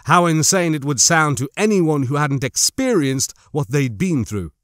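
A man's voice: on the high side, lively intonation, moderate pace, a bit bright, dry recording. Man narrating an audiobook, dry. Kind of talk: scripted narration.

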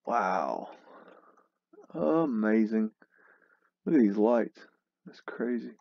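A man's voice: mid-range voice, no echo. A man drawls his way through old photographs, taking his time and breaking into exclamations. His voice sits mid-range, recorded close and dry on a dull-sounding home mic. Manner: slow, musing, exclaiming and laughing at what he sees. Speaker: host narrating a photo tour. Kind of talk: casual commentary over photos.

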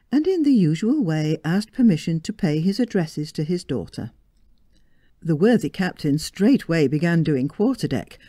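A woman reading a romantic story aloud in a slow, expressive manner. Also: low-pitched, no echo, clean studio sound. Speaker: story reader.

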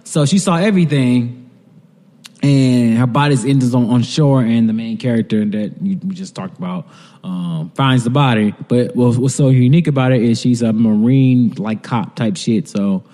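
This man co-hosts a podcast, recapping a TV episode in profane, rambling casual chat and laughing while he describes scenes. He has a warm, medium-pitched voice, speaks at a moderate pace, and there's a long reverb tail.

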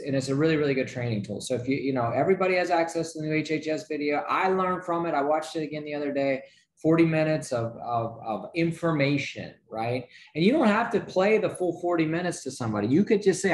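Energetic man giving a sales pep talk. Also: a little high, fast talker, echoey room, slight background noise. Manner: energetic, pep-talk delivery with rhetorical questions and frequent "right?". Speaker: sales trainer. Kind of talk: motivational sales training talk.

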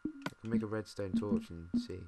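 A British man mumbling and thinking out loud, swearing now and then as he plays a game. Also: fairly low pitch, huge pitch swings, moderate pace. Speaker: gamer. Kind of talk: casual let's-play commentary. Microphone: desk mic. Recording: noisy home mic with mouse clicks.

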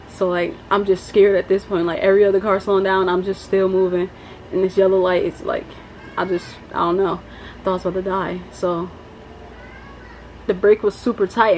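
A young woman telling a story in a casual vlog, chatty and animated, with lots of fillers. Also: mid-range voice, poor audio. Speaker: vlogger. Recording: faint background noise.

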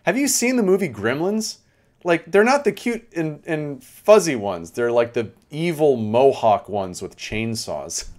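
A man's voice: on the high side, unhurried. A young man giving chatty live game commentary, talking to his chat as he plays. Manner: chatty, animated, talks to chat. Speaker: streamer.

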